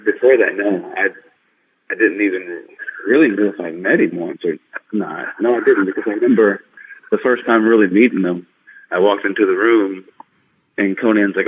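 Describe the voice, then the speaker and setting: Excitable young-sounding man on a tinny line. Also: lowish voice, moderate pace, slight background noise. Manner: rambling, filler-heavy, excitable storytelling. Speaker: podcast guest, wrestler. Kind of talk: casual interview chat.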